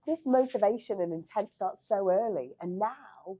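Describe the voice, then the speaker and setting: Woman podcast host, warm low-key tone, encouraging interviewer. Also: moderate pace.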